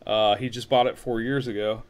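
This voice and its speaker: A middle-aged man co-hosting a live show, chatting casually and telling stories in a relaxed, meandering way. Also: fairly low pitch, a little fast. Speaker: co-host of a live online show. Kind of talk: casual chat.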